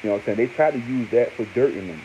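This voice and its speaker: A man giving a casual, animated monologue as an online commentator, full of slang and repeated fillers, often jumping up into high exclaims. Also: rapid-fire. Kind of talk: casual monologue on hip hop news. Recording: muffled lo-fi with faint hiss.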